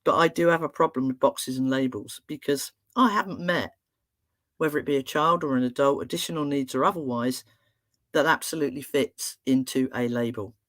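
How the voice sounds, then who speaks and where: A middle-aged woman, an emotional therapist giving a talk, telling stories in a chatty, humorous and expressive way. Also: extremely low pitch, a little fast. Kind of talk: storytelling talk to an online audience.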